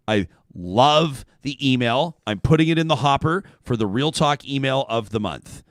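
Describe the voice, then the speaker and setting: A man's voice: medium pitch, normal speed, hardly any pauses, dry recording, clean studio sound. A man hosting a talk show, chatting casually and reading out a listener's email. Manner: animated, reads quotes in a raised voice.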